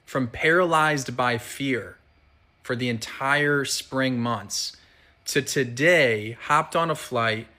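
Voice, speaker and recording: Male vlogger, candid storytelling, bright tense tone, earnest. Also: mid-range voice, slow. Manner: earnest, candid, builds to emphatic repetition. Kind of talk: personal storytelling monologue.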